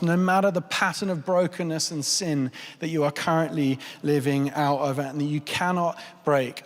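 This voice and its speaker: Earnest male preacher in a reverberant church. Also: a little high. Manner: earnest, pleading, repeats phrases for emphasis. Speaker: pastor. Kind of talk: sermon.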